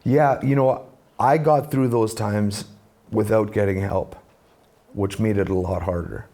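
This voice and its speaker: Gravelly, dark-voiced man telling his story. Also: fairly low pitch, measured pace. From Canada. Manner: animated storyteller, acts out quoted voices. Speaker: guest, musician and speaker. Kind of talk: conversational storytelling.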